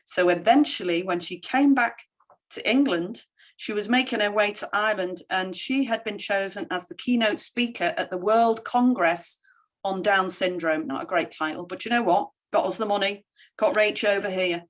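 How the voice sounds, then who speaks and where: Animated woman telling stories in a keynote. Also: mid-range voice, normal speed. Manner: animated storytelling, quotes others in lively voices. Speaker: keynote speaker. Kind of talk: conference keynote with slides.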